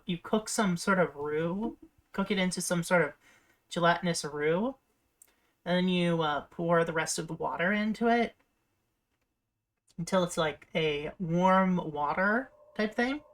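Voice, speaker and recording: A woman's voice: on the low side, a bit bright. A young woman chatting casually while she livestreams, rambling with lots of fillers and restarts. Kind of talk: casual chat while streaming.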